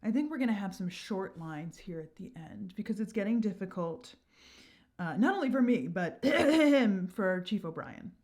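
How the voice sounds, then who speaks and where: A woman explaining poetic meter in a chatty lesson, reading quoted lines slowly and softly. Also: medium pitch, lively intonation. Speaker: verse teacher.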